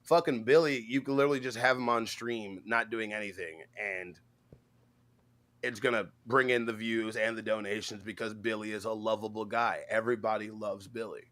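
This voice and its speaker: A man co-hosting a live stream, chatting casually and breaking into loud shouted rants. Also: fairly low pitch, steady tone, moderate pace. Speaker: co-host of a live stream show.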